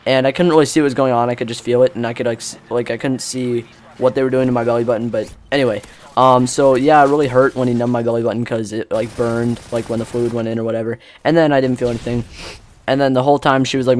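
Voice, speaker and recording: A man's voice: medium pitch, flat delivery, fast, darkish tone, slight background noise. A teenage boy telling a long story while commenting on gameplay, rambling with lots of fillers. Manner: rambling, filler-heavy, acts out quotes. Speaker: gaming commentator. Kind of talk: casual storytelling over gameplay.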